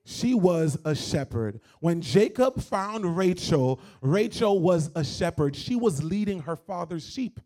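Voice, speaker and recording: A man's voice: high-pitched, very animated, unhurried, few pauses, a little mellow. A young man of Haitian background in his twenties, preaching a sermon as a guest pastor with emphatic, repetitive phrasing. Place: church.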